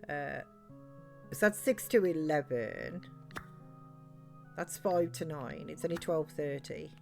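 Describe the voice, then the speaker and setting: A woman's voice: sits low, slow, creaky, darkish tone, faint music behind. A woman streamer thinking aloud while playing a cozy farming game, with lots of ums and likes. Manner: rambling, thinking aloud with fillers. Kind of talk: casual gameplay commentary.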